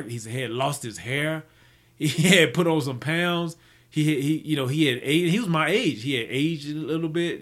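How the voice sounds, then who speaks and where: A man with a medium-pitched, slightly bright voice rambles casually through stories from his business life. He keeps restarting and filling gaps with fillers as he tells them.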